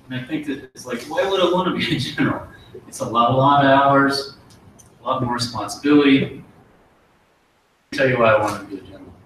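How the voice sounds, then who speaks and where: A middle-aged man, an army officer, giving an earnest promotion speech and telling a folksy story with pauses and restarts. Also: mid-range voice, far from the mic, background noise. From United States. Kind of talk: ceremony speech with war story. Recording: very echoey hall, voice from afar.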